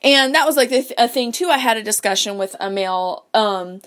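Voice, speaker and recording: A woman's voice: a little high, fairly quick, fairly bright tone. A young woman in a casual, rambling rant, swearing often and full of fillers and restarts. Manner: profane, rambling, many fillers.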